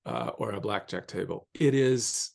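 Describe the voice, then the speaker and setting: A man who teaches philosophy, a podcast guest explaining ideas in a measured, reflective way. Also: lowish voice, sing-song, creaky, a little mellow. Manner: thoughtful, measured, slows down on key phrases.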